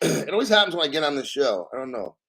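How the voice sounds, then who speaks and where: A man hosting a crypto channel, ranting bluntly and profanely about banks and the platform while reading out an article, often clearing his throat. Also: mid-range voice, sing-song, very fast, pushed and bright.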